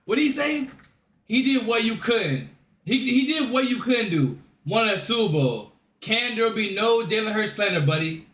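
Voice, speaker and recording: Excitable high-voiced reaction host. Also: male voice, normal speed, recorded from a distance. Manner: incredulous, excitable, repeats himself. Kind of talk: casual reaction commentary. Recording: echoey room, voice off-mic.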